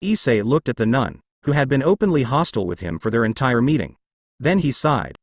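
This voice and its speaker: Expressive male fanfic narrator. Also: medium pitch, a little fast, no echo. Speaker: fanfic reader. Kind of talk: scripted narration.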